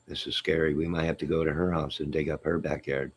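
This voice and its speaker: A man's voice: extremely low pitch, fairly even intonation, a little fast, husky. A man hosting a casual live stream, reading viewer comments and joking with them in a teasing, chuckling way.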